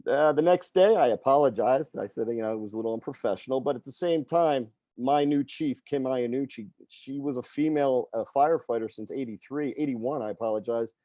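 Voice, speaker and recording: A man's voice: medium pitch, a little fast, few pauses, warm tone, no echo. A middle-aged man, a fitness coach, telling a personal story in a conversational way and often tagging sentences with "right?" and "okay?". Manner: conversational, frequent tag questions.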